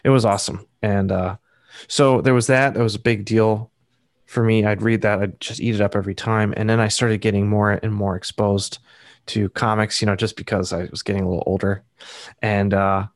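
A man's voice: fairly low pitch, flat delivery, brisk, dry recording, studio quality. A man in his thirties from Massachusetts, chatting casually as an artist guest, rambling with lots of fillers. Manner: rambling, filler-heavy, self-deprecating. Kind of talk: casual interview chat.

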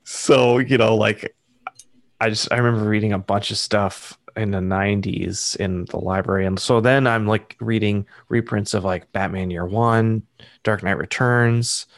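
A man's voice: on the low side, fairly even intonation, unhurried, dry recording, studio quality. A man in his thirties from Massachusetts, chatting casually as an artist guest, rambling with lots of fillers. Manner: rambling, filler-heavy, self-deprecating. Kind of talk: casual interview chat.

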